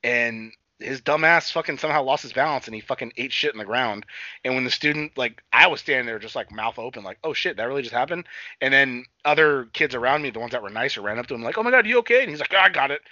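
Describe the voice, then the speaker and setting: Fast-talking young man, profane rambling recap. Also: mid-range voice, pushed and bright, dry recording. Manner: rambling, swears freely, acts out characters in quick voices. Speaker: podcast co-host. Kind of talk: casual profane chat recapping a TV episode. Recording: dull lo-fi sound.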